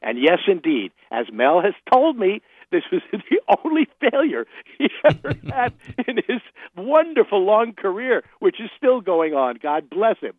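A man's voice: high voice, very animated, unhurried, no echo. An older man chatting as a radio guest, telling stories with laughs and restarts. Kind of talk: casual anecdotal interview. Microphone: phone. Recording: phone line.

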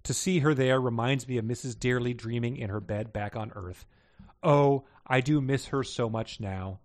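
Guy doing a higher, tender voice for a devoted mother dalmatian, earnest. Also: moderate pace, lightly acted.

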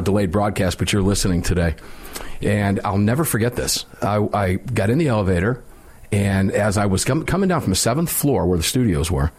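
Middle-aged male talk host, husky low voice, chatty storyteller. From Michigan, USA. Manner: chatty storyteller, animated retellings. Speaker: radio talk show host. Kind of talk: casual radio chat.

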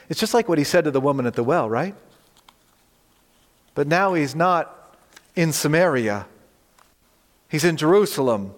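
A male pastor preaching a sermon, animated, rising loud on quoted words and turning to the congregation with conversational asides. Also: on the high side, normal speed, long pauses, big-room sound.

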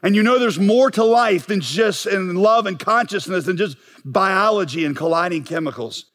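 A man with a fairly high voice preaches from the pulpit, pressing his points home and swelling to strong peaks. His words ring out with a long tail of reverb from a large sanctuary. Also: animated, moderate pace, a bit bright. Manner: emphatic preaching, rising to bursts of force. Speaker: pastor. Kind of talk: sermon.

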